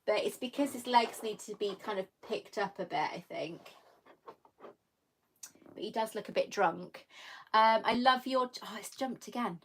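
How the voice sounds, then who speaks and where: A woman's voice: medium pitch, normal speed, a little hiss or hum. A middle-aged woman chatting casually on a live stream. She reads viewers' comments aloud, thanks them, and mocks herself with a laugh. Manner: chatty and self-mocking, reading comments aloud, laughing often. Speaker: YouTuber answering live chat.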